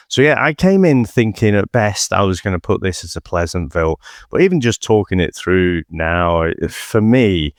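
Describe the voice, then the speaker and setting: Deep-voiced rambling male podcast co-host. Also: no echo, clean studio sound. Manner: rambling, many "you know" fillers and restarts. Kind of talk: casual film-podcast chat.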